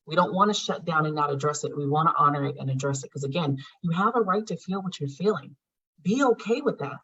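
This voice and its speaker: A woman's voice: on the low side, pushed and bright, husky. A woman teaching a healing class in a casual, blunt way, swearing often and talking straight to her students. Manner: blunt, frequent swearing, conversational. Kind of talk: casual spoken lesson. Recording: dull lo-fi sound.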